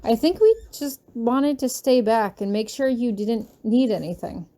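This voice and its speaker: A woman's voice: a little high, animated, unhurried, warm tone. A woman voicing a worried teenage girl from a boarding school, asking anxious questions in a fanfiction reading. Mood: concerned.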